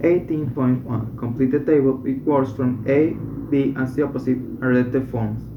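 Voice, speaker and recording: A man reading medical English textbook passages and exercises aloud, slowly and deliberately, stopping to correct himself. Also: medium pitch, fairly even intonation, noisy background. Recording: dull echoey room recording.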